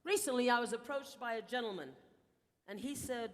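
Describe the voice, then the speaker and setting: An older woman from South Texas delivers a humorous contest speech. She tells her story playfully and lands punchlines after pauses. Long hall reverb trails each line. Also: a little high. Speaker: contest speaker.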